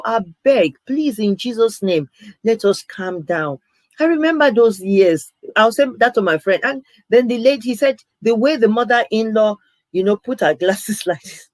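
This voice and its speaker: A woman's voice: on the high side, no room sound, low-quality recording. A middle-aged woman pastor telling personal stories in a live sermon, earnest and anecdotal, often restarting her sentences. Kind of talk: live sermon-style storytelling.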